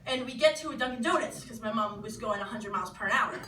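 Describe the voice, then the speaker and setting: A young woman from New telling a funny personal story live, animated and laughing as she acts out what people said. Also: fairly high pitch, fast talker. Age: teens. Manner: animated, laughing, acting out quotes. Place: small venue. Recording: roomy, distant mic with background noise.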